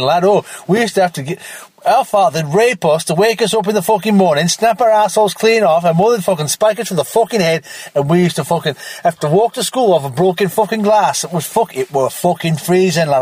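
A man's voice: sits high, expressive, brisk, a little mellow, breathy edge, dry recording. A man putting on a crude, boastful old northern English man who exaggerates how hard life used to be, recorded in a parked car. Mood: mock-nostalgic. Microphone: self-recorded in the car.

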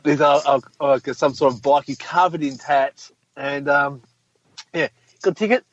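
A man tells a blunt, sweary story in casual chat. His voice sits a little high for a man. The sound is dry and muffled, with a lo-fi dullness. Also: steady tone, normal speed, no room sound.

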